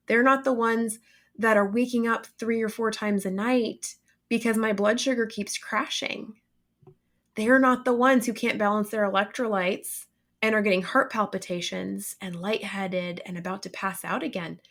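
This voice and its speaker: A woman speaking as a guest in a casual podcast conversation. She talks earnestly and with emphasis, and drives her points home by repeating phrases. Her pitch sits in a middle range.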